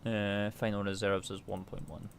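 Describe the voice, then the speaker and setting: A man with a lowish voice chats casually with his viewers as he works through a flight simulator. He reads checklist figures aloud between relaxed remarks, with faint noise behind him. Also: normal speed. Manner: chatty, reads checklist numbers and answers chat aloud. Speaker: flight sim streamer. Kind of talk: casual chat while flying a simulator.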